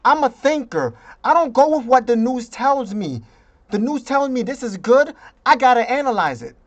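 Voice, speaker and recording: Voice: mid-range voice, big pitch swings, normal speed. A vlogger delivering an emphatic, indignant political rant and slipping into mocking voices now and then.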